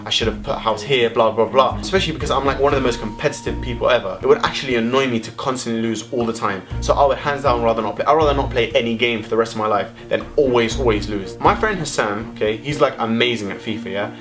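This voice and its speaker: Young man, rapid speech, animated ranting, casual vlog. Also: mid-range voice, over music. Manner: animated, exaggerated ranting with swearing. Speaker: vlogger.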